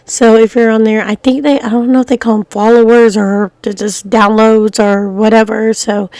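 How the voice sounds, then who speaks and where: A middle-aged woman talks to her viewers in a loose, rambling way. She fills her speech with ums and restarts. Her voice sounds groggy from coughing, sits a bit high, and is recorded dry and close. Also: darkish tone, no echo. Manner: rambling, many fillers and restarts. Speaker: vlogger. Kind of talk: casual rambling talk to camera.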